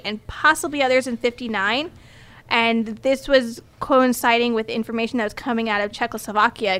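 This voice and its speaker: A woman's voice: a little high, a bit bright, clear, resonant tone. A woman co-hosting a casual podcast, explaining a story step by step with frequent ums and restarts. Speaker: podcast co-host presenting the story. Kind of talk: casual chat.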